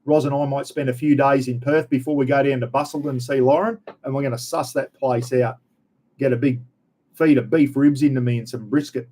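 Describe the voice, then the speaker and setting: A man's voice: medium pitch, steady tone, fairly quick, mellow. Blunt Australian man chatting live. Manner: blunt, jokey, rambling with slang. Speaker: livestream host. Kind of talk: casual live chat reading comments.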